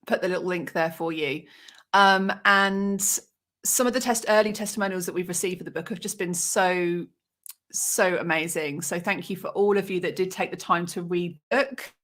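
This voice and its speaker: A woman's voice: on the low side, fairly bright tone. A woman in her forties hosting a casual livestream, chatty and emotional, greeting viewers by name. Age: 40s.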